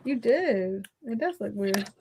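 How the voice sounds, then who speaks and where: A woman's voice: fairly high pitch, expressive, slow pace, background noise. A woman with a North Louisiana accent, hosting a casual live chat and easily amused. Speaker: livestream host.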